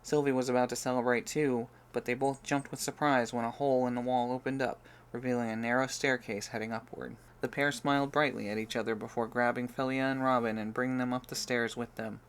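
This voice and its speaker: A man narrating a fantasy audiobook with even, steady storytelling. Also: medium pitch, fairly quick, hardly any pauses, clean tone. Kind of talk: scripted narration.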